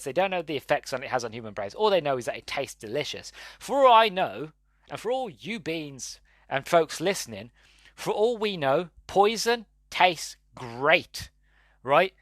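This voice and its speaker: A man's voice: mid-range voice, fairly bright tone, no echo. Rambling man hosting a dry-sounding podcast. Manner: rambling, exasperated, laughing asides. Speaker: podcast host. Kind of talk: casual solo movie review.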